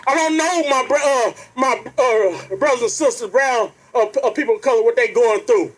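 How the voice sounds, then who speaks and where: A man's voice: extremely high pitch, normal speed, slight background noise, low-quality recording. A man speaking to an outdoor protest rally, earnest and preacherly, repeatedly calling out to the crowd. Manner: earnest, preacherly, keeps addressing the crowd directly. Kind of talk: impassioned protest speech.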